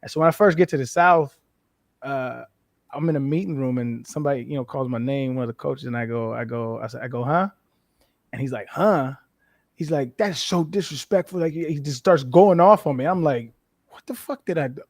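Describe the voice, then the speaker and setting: A man in his thirties talks as an interview guest, frank and animated, and he swears freely. His voice sits at a middle pitch. The sound is dry and close to the mic. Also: brisk, vocal fry, dry recording. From New Mexico, US. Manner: frank, profane, animated storytelling. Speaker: interview guest, former football player. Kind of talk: casual interview chat.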